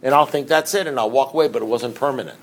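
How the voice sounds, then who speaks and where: A man's voice: medium pitch, fast talker. A middle-aged man giving a rambling, conversational recovery talk to a group and asking his listeners questions. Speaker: speaker at a recovery meeting.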